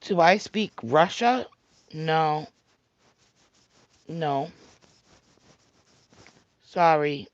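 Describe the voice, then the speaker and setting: A man's voice: fairly high pitch, drawn-out words, pauses often, no room sound, highs cut off. A man with a thick Staten Island New York accent, rambling casually to his viewers on a livestream and answering their comments. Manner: rambling, chatty, talks straight to viewers. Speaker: vlogger reading live comments.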